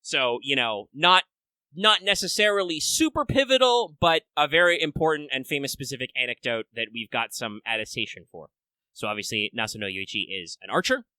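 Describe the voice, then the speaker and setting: Bright-voiced rambling podcast host man. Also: medium pitch, expressive, a little fast, smooth, dry recording. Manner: rambling, many filler words and restarts. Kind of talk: casual podcast chat.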